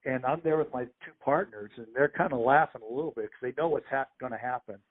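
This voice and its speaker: Guy swapping ref stories, mid pitch, sounds like it's coming through a phone. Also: quick pace. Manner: animated anecdotes with quoted voices. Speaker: sports official, podcast guest. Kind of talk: storytelling interview. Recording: phone-like narrow audio.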